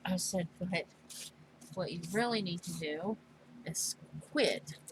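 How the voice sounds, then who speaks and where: A middle-aged mother chatting casually while crafting, slow and halting, speaking with emotion. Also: fairly low pitch, background noise. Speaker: crafting vlogger.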